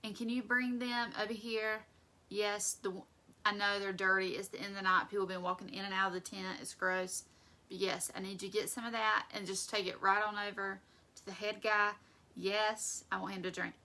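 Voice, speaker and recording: A woman's voice: mid-range voice, flat delivery, normal speed, bright, forceful tone. A woman voicing a hesitant but obedient young man in casual, modern phrasing, as part of a retold story. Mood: insistent.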